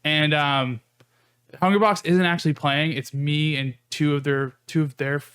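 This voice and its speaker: A man's voice: on the high side, fairly even intonation, a little slow, fairly bright tone, clear, resonant tone. A man co-hosting a podcast, telling a rambling story with many fillers in casual chat. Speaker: podcast co-host.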